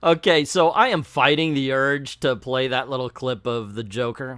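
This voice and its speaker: A man's voice: mid-range voice, lively intonation, moderate pace, hardly any pauses, bright, forceful tone, clear, resonant tone, no echo, clean studio sound. A man casually recapping a comic book, joking and slangy as he acts out the quotes. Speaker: comic book video host.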